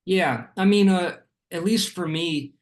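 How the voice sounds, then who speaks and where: A young man from Arizona, a music producer guest, explaining his background in a measured, steady way with frequent ums. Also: high-pitched. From Arizona, USA. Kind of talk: casual interview.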